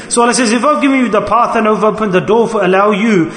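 A man preaching a sermon in an impassioned, pleading way, his voice swinging between loud and soft. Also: sits high, fast talker. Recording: echoey hall.

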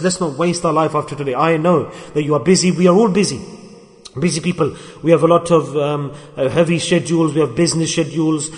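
A man with a slightly high voice, heard in a big-room sound, preaches a sermon to his brothers. He tells stories and acts out the quoted voices of the people in them.

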